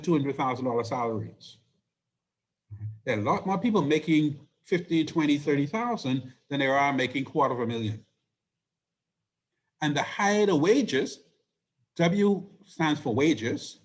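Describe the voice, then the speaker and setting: Hoarse male economics lecturer. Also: on the high side. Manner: explanatory, asks rhetorical questions. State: hoarse, losing his voice. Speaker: economics instructor. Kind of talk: recorded lecture.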